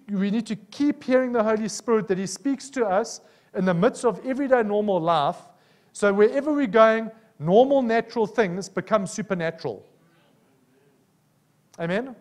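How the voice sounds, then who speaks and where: A man's voice: high-pitched, normal speed. A man with a South African accent preaching a sermon, telling personal stories and often asking the congregation "Amen?". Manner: animated, personal storytelling with frequent "Amen?" calls.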